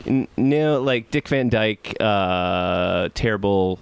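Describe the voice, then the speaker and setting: A man's voice: lowish voice, animated, takes it slowly, creaky, clear, resonant tone. A man hosting a podcast in casual joking chat, teasing his co-hosts. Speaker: podcast host.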